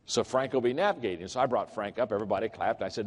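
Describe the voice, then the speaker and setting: A man's voice: on the low side, rapid-fire, few pauses. An older man giving a leadership talk, telling stories and acting out the people in them. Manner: animated, acts out the people in his stories. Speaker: leadership speaker. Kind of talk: storytelling keynote talk. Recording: long reverb of a large hall.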